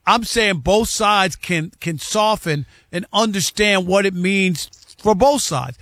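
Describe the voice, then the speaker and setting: A man's voice: sits high, slow pace, a bit bright, no echo. A middle-aged man co-hosting a casual sports talk show, speaking emphatically and repeating himself for stress. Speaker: co-host, former beat writer.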